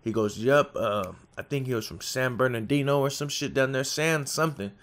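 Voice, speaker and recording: Young californian dude telling a jail story, slangy, keeps laughing, mid-pitch voice. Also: male voice, normal speed. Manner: streetwise slang, laughs often, animated retelling. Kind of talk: casual storytelling.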